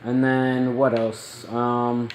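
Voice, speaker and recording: A man giving a casual spoiler movie review, rambling and excitable, with lots of ums and likes. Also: medium pitch, drawn-out words, slight background noise. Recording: roomy echo.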